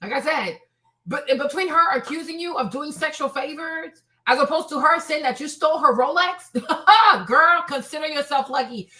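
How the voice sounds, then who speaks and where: A woman's voice: high voice, animated, moderate pace, sharp tone. A woman host giving sassy, emphatic reaction commentary on a stream, with laughing asides.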